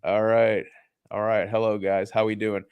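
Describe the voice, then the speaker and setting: A man's voice: on the low side, flat delivery, normal speed, smooth, no echo, highs cut off. Upbeat man hosting a market livestream. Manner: upbeat, greets chat by name. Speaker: show host. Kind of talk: casual livestream market talk.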